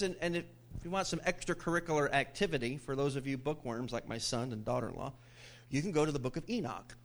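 A middle-aged male pastor preaching a sermon to his church, telling stories with jokes and laughter. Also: medium pitch. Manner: animated storytelling with jokes and laughs.

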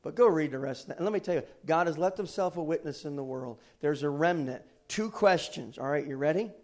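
Casting: male pastor, slightly high voice, fervent pulpit preacher with folksy asides, church sanctuary. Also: a little fast. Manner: preaching with rising intensity, then quiet storytelling. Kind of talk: sermon.

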